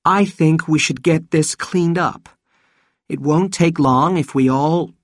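A man reading aloud voices a cold, composed woman commune leader, speaking slowly and flatly. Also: on the high side, no room sound, studio quality, pitched above the performer's own voice.

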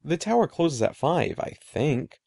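A young older sister with a calm, reassuring way of talking, as read by a man. The voice is mellow and slightly gravelly, with a lively rise and fall. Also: on the high side, unhurried, dry recording, clean studio sound, exaggerated voice. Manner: reassuring, gently teasing. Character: older sister, young girl, teasing but steady.

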